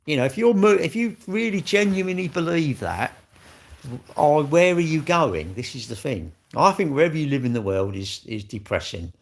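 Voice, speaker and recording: A livestream host chats casually with viewers, answering their comments in a blunt, rambling way, often restarting and laughing. His voice is fairly high and sing-song, with a creaky texture, at a normal speed.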